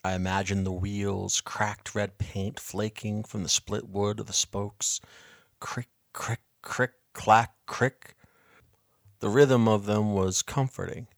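Low-voiced man narrating a story. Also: gravelly, dry recording, studio quality. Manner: measured, quiet, reflective. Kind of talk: scripted first-person story narration.

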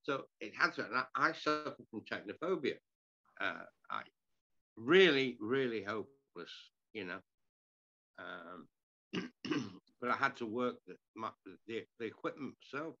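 A man's voice: mid-range voice, expressive, a little slow, pauses often, bright, forceful tone, muffled recording. An older man, telling stories from his broadcasting career in a rambling, self-deprecating way. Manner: rambling, self-deprecating, frequent restarts and throat-clearing. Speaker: interview guest, retired sports broadcaster. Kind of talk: conversational storytelling.

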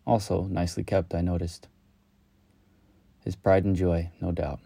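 A man reading a reflective personal story in a slow, measured, lyrical way. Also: low-pitched, level tone, creaky, mellow, breathy edge, dry recording. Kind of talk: reflective spoken-word storytelling.

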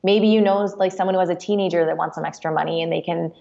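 A woman's voice: lowish voice, fairly even intonation, quick pace, creaky, mellow, highs cut off. A woman guest on a podcast interview, chatty and upbeat, giving practical advice. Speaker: guest, author. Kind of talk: casual interview chat.

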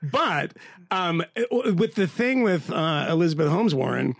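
Wry man with a gravelly edge. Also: a little high, animated, unhurried, no room sound, clean studio sound. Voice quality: slightly affected Mid-Atlantic lilt. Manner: wry, self-mocking, laughs mid-sentence. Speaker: podcast co-host. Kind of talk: casual panel chat.

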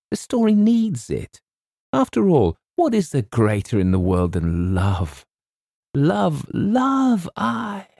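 A man doing a soft-hearted Scottish literary agent. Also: medium pitch, dry recording, studio quality, voice pushed up, heavily acted. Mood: gushing. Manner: gruff then tearfully gushing, rolling burr. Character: gruff Scottish literary agent turned sentimental, older man.

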